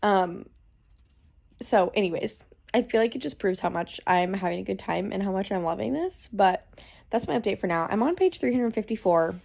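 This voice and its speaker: A woman's voice: medium pitch, expressive, normal speed, creaky, darkish tone. A young woman talking casually in a reading vlog, bubbly and giggly, with lots of "like". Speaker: vlogger.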